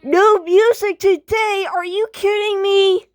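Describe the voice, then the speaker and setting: A woman voicing a bratty, squeamish female washing machine in a homemade skit, talking in a shrill, bossy and dramatic way. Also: steady tone, slow, no echo, clean studio sound. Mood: indignant. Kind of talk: homemade skit role-play.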